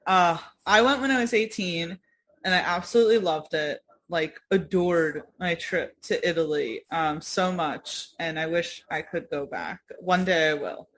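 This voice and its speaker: A woman's voice: lowish voice, unhurried, a bit bright, poor audio. New woman co-host, chatty, laughs a lot, swears casually. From New York. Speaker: podcast co-host. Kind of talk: casual chat.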